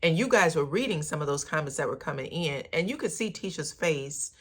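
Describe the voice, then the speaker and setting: A woman with a low, deep-set voice talks through a reality TV episode in a loose, gossipy way. She is sassy and chatty and keeps calling her viewers honey and baby. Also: animated, brisk, slightly rough. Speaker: reality TV recap vlogger. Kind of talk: casual gossipy recap.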